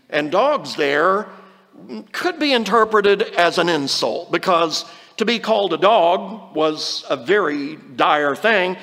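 A high-pitched man teaches from the Bible in an earnest, explanatory sermon, slowing right down whenever he reads a verse aloud. His voice carries a long reverb, as if it were spoken in a large hall. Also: lively intonation, sharp tone. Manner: earnest, explanatory, slows down to quote scripture. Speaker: preacher.

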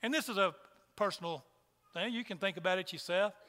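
A man's voice: sits high, fairly quick, sharp tone, long reverb tail. A man preaching a sermon to a church congregation, emphatic and repeating his rhetorical questions. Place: church hall.

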